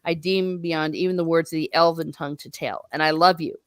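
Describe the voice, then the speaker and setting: A woman reading the lines of an earnest young noble captain from a book, measured and solemn. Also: low voice, fairly even intonation, no echo, natural voice.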